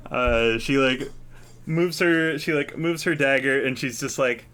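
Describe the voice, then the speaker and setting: A man's voice: medium pitch, a little slow, sharp tone. A man narrating a tabletop game as game master in a casual, hesitant way with many fillers.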